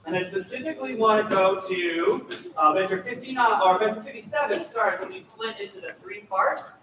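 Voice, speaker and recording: A man's voice: sits high, fairly quick. A man leading a student choir rehearsal, coaching singers and demonstrating vocal sounds in an encouraging way. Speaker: choir clinician. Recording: echoey room, mic far off, noisy.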